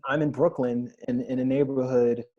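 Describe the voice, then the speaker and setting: A man's voice: mid-range voice, steady tone, normal speed, warm tone, lo-fi sound. A man in his thirties on a podcast panel, earnestly recounting personal stories in a candid discussion.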